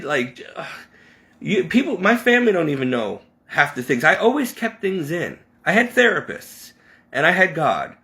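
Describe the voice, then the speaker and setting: In his personal vlog, a middle-aged Connecticut man rambles passionately about his past, frequently starting sentences over. His voice sits high, with a creaky, slightly bright quality.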